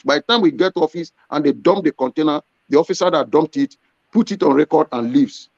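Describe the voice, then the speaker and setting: A man's voice: fairly high pitch, quick pace, dry recording. A man, a business owner, answering interview questions in an earnest storytelling way. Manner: earnest, storytelling with acted quotes. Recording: dull lo-fi sound.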